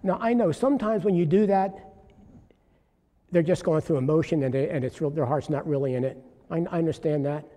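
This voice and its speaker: A man delivers a sermon with earnest storytelling that builds into fervent exhortation. His voice sits high but sounds warm and mellow. The sound rings in a large hall with a long reverb tail. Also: brisk. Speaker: preacher. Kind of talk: sermon testimony.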